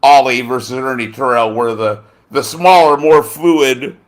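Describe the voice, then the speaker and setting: A man's voice: mid-range voice, measured pace. A man hosting a casual chat, rambling and swearing, often groping for names with lots of fillers. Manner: rambling and profane, gropes for names with many fillers. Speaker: podcast host.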